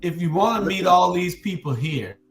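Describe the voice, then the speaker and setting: A man hosting a panel stream, announcing upcoming events in a relaxed, hesitant way with many fillers. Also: sits high, moderate pace, soft background music. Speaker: show host. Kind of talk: casual panel discussion. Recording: roomy echo.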